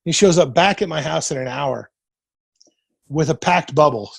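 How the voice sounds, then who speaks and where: At normal speed, a roughly forty-year-old Nebraskan on a podcast tells stories casually and profanely, slipping into the voices of those he quotes. His fairly high, husky, slightly breathy voice is recorded close and dry, with no room echo.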